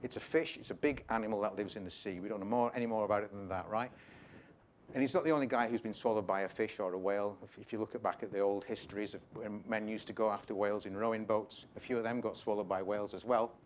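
A man's voice: fairly low pitch, fairly even intonation, quick pace, a little hiss or hum. A man giving an informal, jokey sermon, retelling a Bible story with chatty asides. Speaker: preacher.

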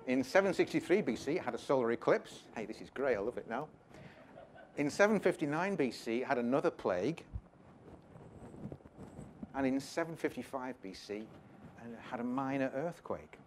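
A man's voice: medium pitch, lively intonation, normal speed, long pauses, a little hiss or hum. A man giving an informal, jokey sermon, retelling a Bible story with chatty asides. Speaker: preacher.

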